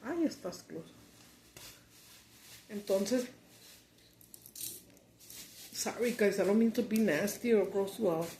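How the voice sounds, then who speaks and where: A mukbang vlogger vents while eating, chatting casually but frustrated, cussing and mixing Spanish and English. Her mid-range voice is warm and slow with long pauses, and the recording has roomy echo plus a little hiss or hum.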